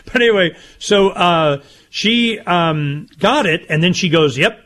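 An older man co-hosting a casual talk show, rambling and animated, with loud laughs. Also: high voice, a little slow. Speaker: co-host. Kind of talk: casual chat.

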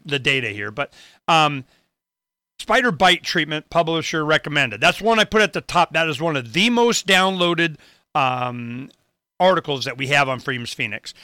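A man's voice: fairly high pitch, bright, forceful tone, smooth, no echo, studio quality. A middle-aged man who publishes a website, rambling through its articles with anecdotes and conspiratorial asides. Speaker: website publisher walking through his site. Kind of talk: casual screen-share talk.

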